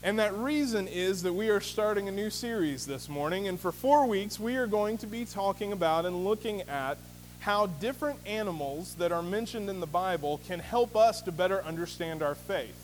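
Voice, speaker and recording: A man's voice: high voice, normal speed. A man preaching a sermon as pastor, in a conversational storytelling manner with many fillers. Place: church sanctuary. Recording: reverberant hall with faint hum.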